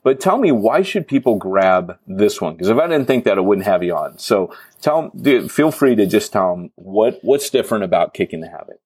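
A man's voice: lowish voice, sing-song, moderate pace, few pauses, darkish tone, husky, dry recording. A man hosting a podcast interview, talking in a rambling, jokey way and often interrupting himself. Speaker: podcast host. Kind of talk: casual interview chat.

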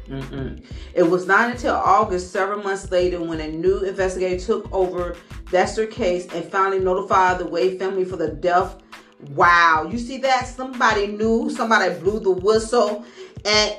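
Woman reading news out loud, stumbling, stopping to rant, echoey room, bit of music under it. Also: lowish voice. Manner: reads haltingly with stumbles, breaks off to vent angrily. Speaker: show host reading and reacting to news. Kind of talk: casual commentary over a news article.

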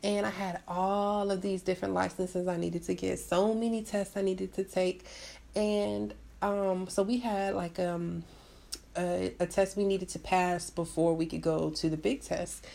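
Animated young woman telling a story, slightly gravelly. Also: lowish voice, measured pace. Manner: animated storyteller, acts out quotes. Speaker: podcast co-host. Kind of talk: casual chat with her husband.

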